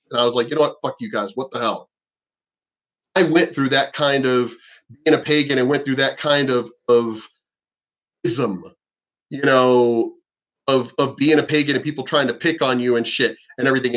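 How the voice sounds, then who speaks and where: A man's voice: a little high, fairly bright tone. A man talking casually in a rambling monologue, emphatic and often swearing. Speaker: vlogger.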